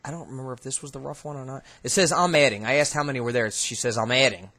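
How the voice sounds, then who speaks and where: Male investigator host, casual halting commentary, mid-pitched, easygoing. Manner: relaxed, halting, thinking aloud with fillers. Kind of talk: casual commentary reviewing recordings.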